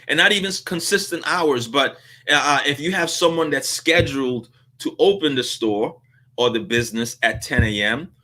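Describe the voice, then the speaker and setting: A man hosting a business vlog, telling a story in a casual, animated way and acting out the dialogue. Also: medium pitch. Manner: animated, laughs through his story, acts out dialogue. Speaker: vlog host on business advice.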